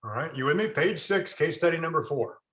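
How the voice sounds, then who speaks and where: A middle-aged man leading a real estate workshop, animated and folksy, turning to the class with quick questions. His voice is bright and forward, set a bit above the usual male pitch. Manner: animated, folksy storyteller, addresses class directly. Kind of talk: classroom teaching with anecdotes.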